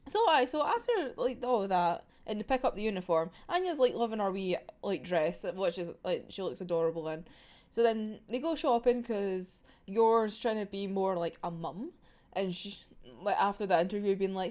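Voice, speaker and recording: A woman's voice: medium pitch, big pitch swings, moderate pace, a little mellow. A young Scottish woman chatting casually as a manga reviewer, giggling often, swearing freely and acting out characters' lines. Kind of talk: casual chat.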